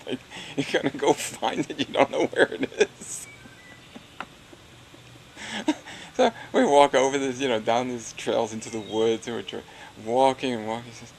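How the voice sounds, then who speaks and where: A man's voice: medium pitch, normal speed, pauses often, a little hiss or hum, poor audio. An older man recounting his past in an oral history interview, rambling and chuckling, with many "you know"s.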